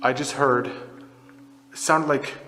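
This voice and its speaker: A man investigating a building, talking slowly and calling out to whoever might be there. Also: medium pitch, fairly even intonation, music in the background. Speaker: paranormal investigator. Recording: echoey hall, noisy handheld camera audio.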